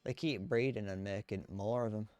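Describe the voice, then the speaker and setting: A man's voice: fairly low pitch, steady tone, moderate pace, a little mellow, no room sound, natural voice. A man putting on a folksy northern farmer. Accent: northern English.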